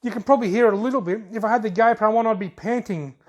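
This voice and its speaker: A man's voice: sits high, racing, lo-fi sound. An Australian man hosting a fishing video channel, casually reading out viewer comments in a jokey, laid-back way and chuckling often.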